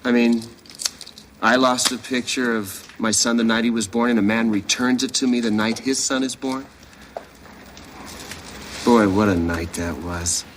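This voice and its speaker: A dry-witted, teasing man, played by an actor trades wisecracks in a studio sitcom. His voice sits at a middle pitch. The soundtrack is noisy, with audience laughter behind him. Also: measured pace, pauses often, fairly bright tone, close to an everyday voice. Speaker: sitcom lead.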